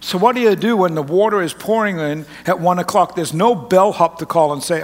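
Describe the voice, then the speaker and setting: A man's voice: high voice, brisk. A man preaching to his congregation, telling a rambling personal story in a folksy, joking way with frequent restarts. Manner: folksy, rambling, self-interrupting. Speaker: pastor. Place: large church auditorium. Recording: long reverb of a large hall.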